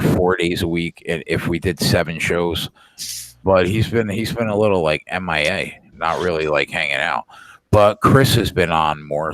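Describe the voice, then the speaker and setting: A man's voice: low-pitched, a bit bright, dry recording. A man co-hosting a casual late-night sports betting chat, laid-back and profane, with lots of filler words. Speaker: podcast co-host.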